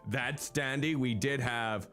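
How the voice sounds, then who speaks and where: A man's voice: medium pitch, slow pace, fairly bright tone, soft background music. A man hosting a game stream in casual chat, playful, sometimes babbling mock game dialogue. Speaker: streamer host.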